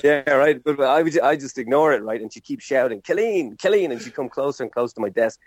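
A man's voice: medium pitch, fairly even intonation, quick pace, no echo. A man chatting casually, telling stories with animation, laughing often and acting out the voices of people he quotes. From Ireland. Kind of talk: casual conversation.

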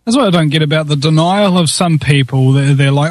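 A man's voice: a little high, expressive, moderate pace, no echo. A man with a New Zealand accent hosting a talk radio show, joking and rambling with many fillers. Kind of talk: casual radio chat.

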